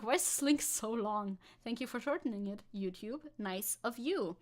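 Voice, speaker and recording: A woman's voice: medium pitch, moderate pace, few pauses, fairly bright tone. A woman VTuber chatting sarcastically through news on a livestream, laughing often. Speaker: VTuber streamer.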